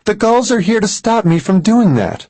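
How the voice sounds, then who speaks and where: A man voicing a frightened psychic woman in an audiobook, his voice pushed much higher and louder than his narration, husky and tense. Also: huge pitch swings, slow pace, no echo, full character voice. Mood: urgent. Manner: pitch jumps high and loud when pleading.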